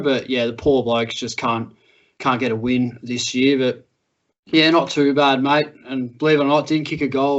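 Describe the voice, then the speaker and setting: A young Australian man in casual podcast chat, spinning laid-back yarns at a mid pitch. The audio is a little muffled and lo-fi. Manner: laid-back storytelling, laughs through tales. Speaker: podcast co-host.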